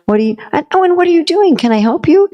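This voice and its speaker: A cunning male god in disguise, all honeyed flattery and fake concern, as a woman puts him on. His voice sits higher than her own and slows right down when he fusses over the demon. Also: muffled recording. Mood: coaxing. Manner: sweet, coaxing, conspiratorial.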